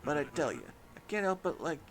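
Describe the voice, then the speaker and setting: Guy putting on a mock new york mob boss, drawling threats, lively pitch, faint hiss behind. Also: fast talker, full character voice. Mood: menacing. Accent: mock New York gangster. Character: gruff male mafia boss, menacing.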